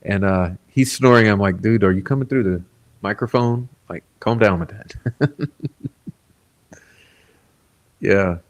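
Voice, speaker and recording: Low-ish voiced guy doing a chill livestream, reading chat, chuckling and rambling. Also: slow pace, pauses often. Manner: laid-back, chuckling, rambling with many fillers. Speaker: livestream host.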